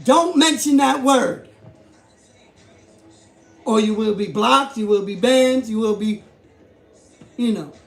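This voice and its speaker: A man hosting a commentary vlog, talking emphatically, repeating himself and building up to shouting. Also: high-pitched, slow, vocal fry, long pauses, soft background music. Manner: emphatic, repetitive, rising to shouts. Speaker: YouTube host. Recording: echoey room.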